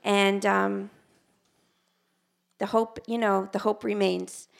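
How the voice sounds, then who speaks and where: An American woman telling a personal story on a theater stage, animated and self-mocking, acting out what people said. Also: mid-range voice, slow, creaky. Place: theater stage before an audience.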